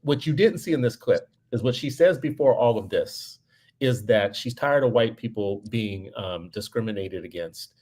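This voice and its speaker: A man's voice: lowish voice, a little mellow. A man co-hosting a podcast, telling a story in casual commentary and getting heated and emphatic as he goes. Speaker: podcast co-host.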